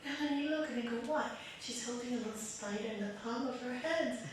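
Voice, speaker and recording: Brief: woman meditation teacher, higher voice, animated storyteller, distant mic in a very echoey room. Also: fairly quick, a little hiss or hum. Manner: lively, chatty, often laughing while telling anecdotes. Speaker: raja yoga teacher. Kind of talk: spiritual talk to a small group.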